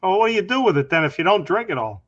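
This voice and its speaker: A man's voice: sits high, big pitch swings, rapid-fire, a bit bright. A man joking around as a guest in a casual online chat, teasing the others. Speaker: stream guest. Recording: lo-fi call audio.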